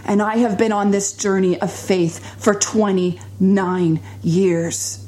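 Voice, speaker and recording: A middle-aged woman giving an earnest, emotional personal testimony in a sermon, dropping to hushed tones at times. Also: medium pitch, steady tone, slow. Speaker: speaker sharing a faith testimony.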